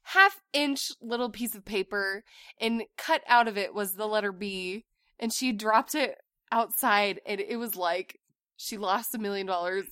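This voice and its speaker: A woman chatting casually with her co-host about family life, telling stories with animated delivery and acting out her kids' lines. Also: medium pitch, unhurried, smooth, no echo, clean studio sound. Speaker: co-host, parent.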